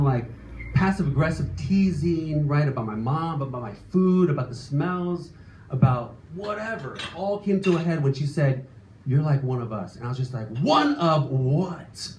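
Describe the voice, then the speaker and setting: A man in his late thirties telling a self-deprecating personal story live on stage, animated and exasperated in places. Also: fairly high pitch, a little hiss or hum. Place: stage before a live audience. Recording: echoey room, faint ambience.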